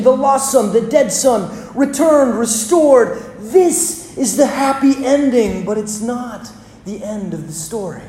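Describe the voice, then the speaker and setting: A pastor preaching a sermon in a church, with dramatic pauses and emphatic repetition, recorded with a roomy church echo. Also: mid-range voice, dark tone, slight background noise.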